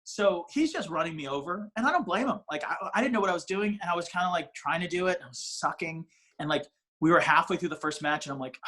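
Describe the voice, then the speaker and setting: A man's voice: a little high, lively intonation, fast talker, bright, forceful tone. A male comedian telling a long, rambling, self-mocking story in a casual interview, swearing freely and restarting his sentences. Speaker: comedian guest.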